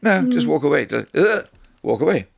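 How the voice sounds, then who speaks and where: A blunt man chatting casually with a very deep, gravelly voice. His pitch jumps about a lot as he acts out little scenes. The recording is dry and close. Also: lively intonation, a little fast, dry recording. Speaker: snake wrangler guest. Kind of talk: casual chat.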